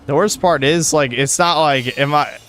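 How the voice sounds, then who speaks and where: A man's voice: on the high side, normal speed, a bit bright, soft background music. A young man streaming a video game, talking to himself, swearing and getting frustrated with the controls. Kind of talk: live gameplay commentary.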